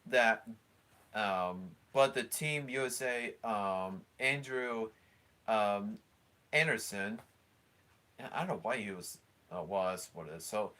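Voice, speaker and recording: A man hosting a live stream, talking over a sports broadcast in a halting way, full of fillers and restarts. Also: lowish voice, expressive, bright, forceful tone. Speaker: stream host commentating along with a broadcast. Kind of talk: casual live commentary.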